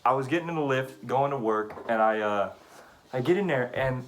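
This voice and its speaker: A man's voice: mid-range voice, normal speed, slight background noise. A young man co-hosting a podcast, telling a story in casual chat with laughter and swearing. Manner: laughing, profane, animated storyteller. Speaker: podcast co-host.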